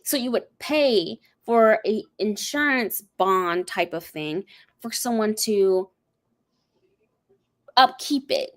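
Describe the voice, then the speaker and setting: A woman's voice: mid-range voice, expressive, slow. A woman hosting a livestream, chatting casually and rambling through a story with lots of fillers. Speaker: host. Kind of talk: casual chat.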